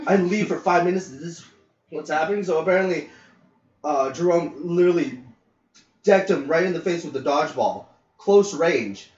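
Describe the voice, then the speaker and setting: A podcast co-host with a high, expressive voice tells a long work story at a moderate pace, pausing often. He rambles casually with many fillers and occasional swearing, captured by a dull lo-fi mic that sounds roomy and distant.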